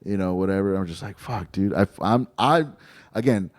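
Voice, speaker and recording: Profane, animated male comedian telling a story. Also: deep voice, fairly quick. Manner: profane, animated storyteller who acts out quoted people. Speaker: podcast co-host and comedian.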